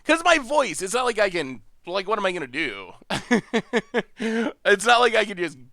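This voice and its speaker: A man's voice: high-pitched, very animated, unhurried, gravelly, bright, forceful tone, no echo, clean studio sound. A man with an upstate New York accent hosting a live stream, chatting and thinking aloud as he plays a card game and laughing often. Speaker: stream host. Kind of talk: live-stream gameplay commentary.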